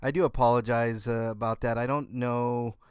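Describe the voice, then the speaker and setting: A man hosting a casual livestream from home, talking with his viewers in a halting way and often restarting his sentences. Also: mid-range voice, fairly even intonation, clear, resonant tone, no room sound, clean studio sound. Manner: halting, restarts and repeats words. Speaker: livestream host. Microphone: computer setup.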